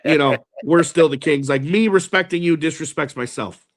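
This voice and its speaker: A man's voice: a little high, moderate pace. A man co-hosting a sports podcast, talking loosely and rambling, often trailing off mid-thought. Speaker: podcast co-host. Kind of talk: casual sports talk.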